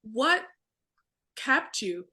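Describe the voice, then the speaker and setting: A woman's voice: fairly high pitch, big pitch swings, drawn-out words, bright, forceful tone, husky. A young adult woman hosting a podcast in casual interview chat, chatty and stumbling over her words with lots of fillers. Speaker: podcast host.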